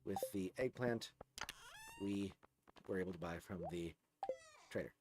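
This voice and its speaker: A gaming streamer with a low-pitched, unhurried voice chats with his viewers while playing a video game. His commentary is casual and rambling, with frequent restarts, and game music and background noise play behind him.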